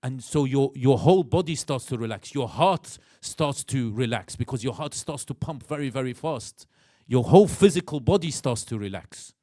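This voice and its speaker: Animated Iraqi-accented man lecturing in a mosque. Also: mid-range voice, normal speed, dry recording, studio quality. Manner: animated, acts out inner voices, asks the audience questions. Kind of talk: religious lecture.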